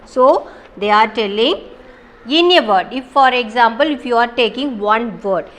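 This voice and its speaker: A woman's voice: on the high side, expressive, unhurried. Woman teaching class. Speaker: English teacher. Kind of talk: recorded online class lesson.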